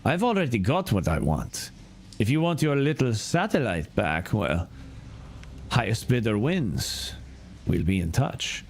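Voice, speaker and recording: A man voicing a smug, taunting female hacker, raising his voice high. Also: very animated, unhurried, a little hiss or hum.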